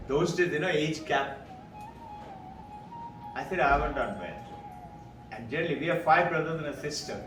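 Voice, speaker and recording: Animated older Indian man in echoey hall. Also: high voice. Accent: Indian English. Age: 70s. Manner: animated, acts out quoted voices, chuckles. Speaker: spiritual speaker. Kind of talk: storytelling talk to a live audience. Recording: echoey hall, distant mic, faint music.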